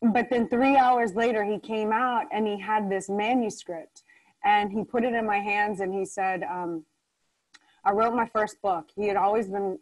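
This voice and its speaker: A woman speaking as an interview guest, with a voice at an ordinary middle pitch. She tells a personal story with energy, acting out the quoted dialogue as she goes. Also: darkish tone, rough recording.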